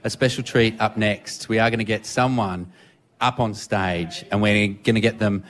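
A man's voice: on the low side, fairly even intonation, moderate pace, a little hiss or hum. An Australian man co-hosting live radio, joking with guests and running an on-air game. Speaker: radio co-host.

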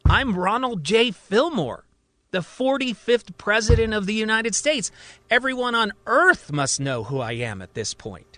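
A man's voice: high voice, very animated, measured pace, dry recording, voice pushed up, heavily acted. A man doing an agitated, indignant male patient. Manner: emphatic, almost yelling.

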